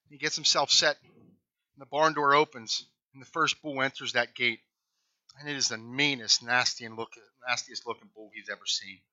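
A man's voice: medium pitch, sharp tone, no room sound, dull audio. A male pastor telling a folksy story in a conversational sermon.

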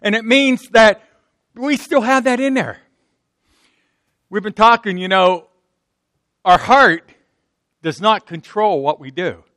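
A Pittsburgh-accented man preaches a sermon in a folksy, conversational way. His voice sits high and bright. The sound is close and dry. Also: slow, pauses often, no room sound. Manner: conversational, folksy, acts out quotes. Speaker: pastor.

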